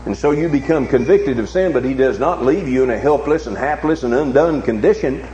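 A male preacher giving a sermon, swinging from low hushed tones to loud, emphatic challenges with repeated rhetorical questions. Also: animated, brisk. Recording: echoey, dull recording with faint hum.

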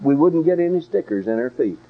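A man's voice: fairly high pitch, expressive, brisk, narrow, tinny audio. An older man preaching a sermon in a folksy, emphatic way, with storytelling asides.

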